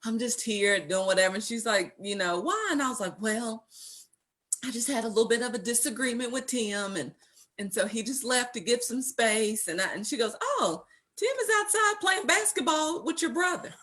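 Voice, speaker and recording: A woman's voice: fairly high pitch, brisk. A woman being interviewed with her husband, telling a family story and acting out the voices of the people in it. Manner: animated storyteller who quotes herself and others. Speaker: interview guest, wife. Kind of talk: conversational storytelling.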